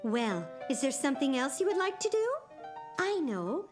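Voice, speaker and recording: A gentle, patient grandma. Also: female voice, high voice, big pitch swings, moderate pace, over music. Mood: coaxing. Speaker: grandmother character. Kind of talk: cartoon voice acting.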